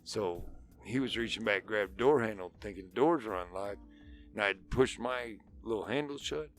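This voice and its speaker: A man's voice: lowish voice, normal speed, soft background music. A middle-aged man, a father and podcast co-host, telling a long, profane anecdote in casual chat and acting out the dialogue. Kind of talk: casual storytelling.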